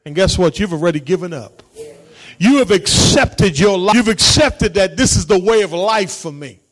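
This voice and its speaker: A man preaching as a pastor, calling out to his congregation and swinging between shouted lines and quiet asides. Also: sits high, lively intonation, normal speed. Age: adult, married parent. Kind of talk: sermon.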